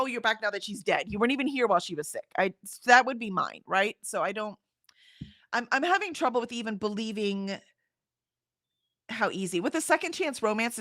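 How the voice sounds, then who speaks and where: A woman's voice: fairly high pitch, fairly bright tone, clean studio sound. Woman in her middle years just chatting away, lots of laughs, bouncy voice, no room echo. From Houston, Texas. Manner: chatty, rambling, laughs often. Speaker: livestream host. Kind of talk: casual chat reading comments.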